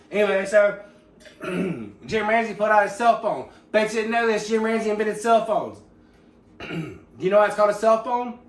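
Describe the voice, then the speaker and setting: A man's voice: sits high, a bit bright. Rambling profane man, echoey distant room. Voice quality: rambling, profane, mock-serious. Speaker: comedic storyteller. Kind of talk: deadpan mock biography monologue. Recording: echoey room, mic far off.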